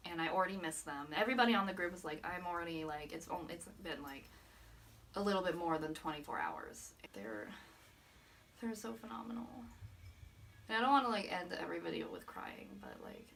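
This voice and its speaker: A woman's voice: on the low side, big pitch swings, fairly quick, gravelly, fairly bright tone. Young woman vlogger gushing and cursing about her faves, laughs a lot, mic kinda distant, faint hiss. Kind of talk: excited fan recap vlog.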